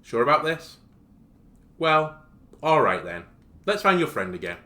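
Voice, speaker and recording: A man voicing a blunt, steady schoolboy. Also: fairly high pitch, a little slow, exaggerated voice. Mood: resolute. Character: calm, blunt teenage schoolboy, steady protector. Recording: echoey room.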